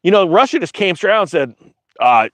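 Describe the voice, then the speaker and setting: Male finance commentator, high and very lively pitch, jokey digressions, dry close sound. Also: brisk, no echo. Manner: animated, digressive, jokey asides to viewers. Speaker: finance commentator, channel host. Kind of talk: casual commentary while reading an article aloud.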